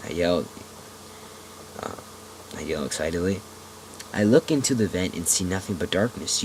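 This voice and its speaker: Young guy reading a creepypasta at home, deep voice, gets loud on the yelled bits. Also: moderate pace, slight background noise, low-quality recording. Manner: swings from low muttering to loud yelling in quoted lines. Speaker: amateur narrator. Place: home room.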